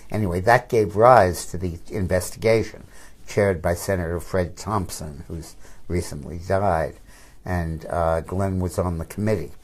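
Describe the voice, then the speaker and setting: A man's voice: deep voice, steady tone, a little slow. An older man, a political commentator, telling anecdotes in a casual chat with frequent restarts.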